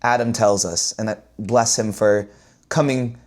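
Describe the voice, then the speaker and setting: A man ranting casually to his viewers as a vlogger, repeating himself and swinging from loud exclaims to low mutters. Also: steady tone, a little slow.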